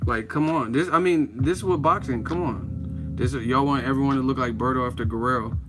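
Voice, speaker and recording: A man hosting a live show, talking casually with a profane, animated manner and frequent laughter. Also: medium pitch, fairly quick, over music. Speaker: host.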